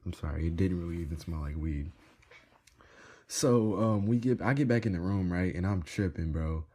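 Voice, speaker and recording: A man's voice: deep voice, moderate pace, dark tone, breathy edge. A young man casually telling a rambling storytime to his viewers, full of slang and filler words. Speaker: vlogger.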